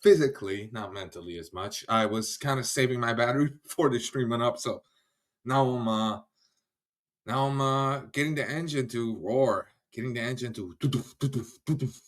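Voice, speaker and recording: A man with a mid-range voice at normal speed chats casually on his livestream, greeting viewers by name. He's loose and talkative, laughs easily, and often trails off before restarting.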